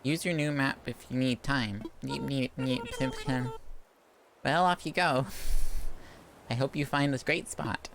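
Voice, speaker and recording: A woman's voice: very deep voice, unhurried, long pauses, slight background noise, pitched above the performer's own voice. A woman voicing a kindly shopkeeper welcoming a newcomer, in a lilting, cheery game-reading voice.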